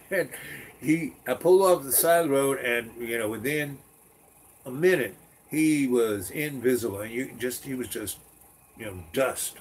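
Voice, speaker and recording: A man's voice: mid-range voice, unhurried, long pauses, slight background noise. A man telling a long personal story in a meandering, chatty way, full of fillers and restarts. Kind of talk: rambling personal anecdote.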